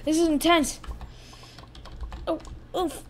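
A woman giving live gameplay commentary as a channel host, excitable and full of exclamations, muttering to herself between bursts. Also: extremely high pitch, takes it slowly.

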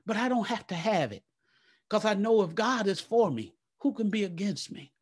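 A man preaching a live church sermon, fervent and repetitive, praying aloud between points and swinging from a low murmur to loud exclaims. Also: animated, moderate pace, husky. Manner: fervent, repeats "come on now" and "glory to God". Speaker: pastor.

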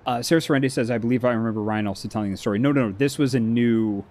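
A man's voice: mid-range voice, very fast. A man co-hosting a game stream, chatting casually and acting out other people's lines as he tells a story. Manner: animated storyteller, acts out friends' lines. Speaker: stream co-host. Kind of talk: casual chat.

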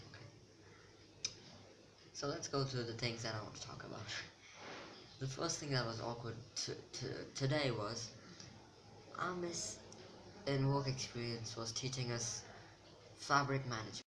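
A teenage boy vlogging to camera in a rambling, self-mocking chat that keeps losing its thread. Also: medium pitch. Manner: rambling, self-mocking, loses his train of thought. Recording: noisy home recording.

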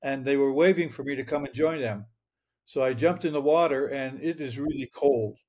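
A man in his eighties from Michigan, United States, speaks at medium pitch and a moderate pace, his voice a little mellow. As an interview guest, he earnestly tells a long personal story, often repeating his words.

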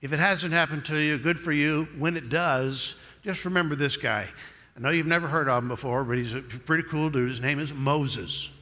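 A man's voice: fairly high pitch, normal speed, bright, forceful tone, long reverb tail. A man preaching a sermon in a folksy, humorous storytelling manner.

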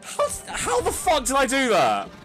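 A man's voice: very high-pitched, wildly swooping pitch, a little slow, a bit bright. A man casually commenting on a video game as he streams it, swearing, exclaiming and laughing at what happens on screen. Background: game music.

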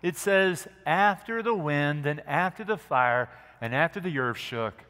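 A man preaching a sermon as pastor, earnest and gentle, dropping to a soft hush at quiet moments. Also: a little high, animated, measured pace. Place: church sanctuary. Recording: long church hall reverb.

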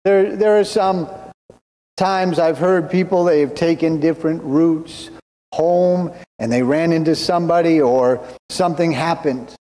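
Slow, deliberate preaching man in a reverberant hall. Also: fairly high pitch, warm tone. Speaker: pastor. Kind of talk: sermon. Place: church sanctuary. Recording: long reverb in a church hall.

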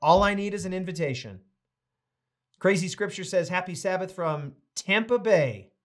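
An upbeat man with a fairly high speaking voice hosts a livestream as a pastor. He greets his viewers one by one in a friendly, casual way and then moves into announcements. He sounds like he is talking from an indoor home studio. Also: animated, normal speed. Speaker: pastor and host of a livestreamed reading series.

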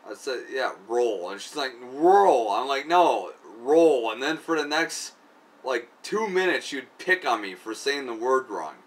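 A man's voice: medium pitch, lively intonation, normal speed, sharp tone. Profane rambling man telling a story. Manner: profane, rambling, with many fillers. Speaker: video creator. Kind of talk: casual storytelling. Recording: distant mic, faint background noise.

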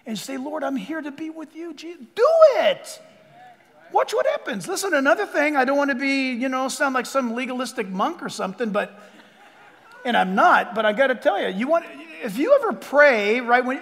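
Animated preacher man in an echoing hall. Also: extremely high pitch. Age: older. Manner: animated preaching, swings from loud to hushed, jokes with the crowd. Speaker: pastor. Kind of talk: sermon.

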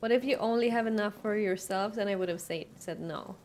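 A woman's voice: mid-range voice, a little fast, a little mellow, slight background noise. A young woman streaming a game, chatting casually with her viewers, asking them questions and laughing often. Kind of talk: casual live-stream chat while playing.

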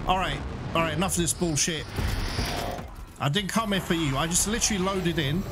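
A man casually commenting on his gameplay for his viewers, excitable and quick to swear at enemies. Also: high-pitched, very noisy. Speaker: gaming channel host. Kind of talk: casual let's-play commentary. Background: loud game music.

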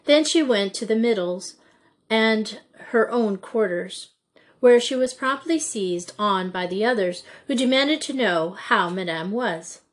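A woman narrating a classic children's school novel in a measured, clear storytelling manner. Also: mid-range voice, animated. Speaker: audiobook narrator.

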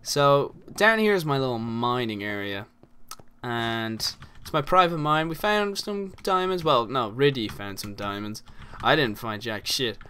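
A man's voice: mid-range voice, lively intonation, unhurried, bright, forceful tone, a little hiss or hum. An Irish man giving casual, rambling commentary while playing a game, full of crude jokes and asides. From Ireland. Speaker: gaming channel host.

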